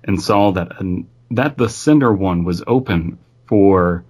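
A man's voice: low-pitched, unhurried, a little mellow, slightly rough. A man reading a creepy story aloud in an offhand, amused way, stopping to comment on it.

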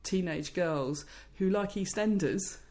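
Researcher guest, woman, low voice, thoughtful, fluent, many restarts. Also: slow pace, a little mellow. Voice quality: low-pitched voice. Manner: thoughtful, fluent with frequent restarts and "you know". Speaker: speech scientist guest. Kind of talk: interview, explaining research.

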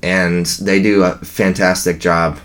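Casual fan podcast: man, low voice, rambling, enthusiastic. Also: little pitch movement, takes it slowly.

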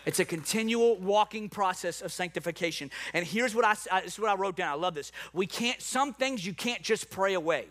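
A middle-aged pastor with a New Orleans accent delivers a sermon in a high, bright voice. He starts low and quiet and builds to loud preaching. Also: animated, fairly quick, few pauses.

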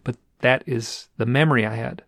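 A man's voice: mid-range voice, moderate pace, fairly bright tone, dry recording, clean studio sound. A man telling a personal story in a casual, rambling way, with restarts and repeated phrases. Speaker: guest telling an experience.

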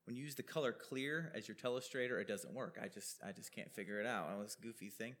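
A man's voice: lowish voice, fast, a bit bright. A man preaching a sermon, explaining a Bible passage over slides in a conversational way, with questions and asides.

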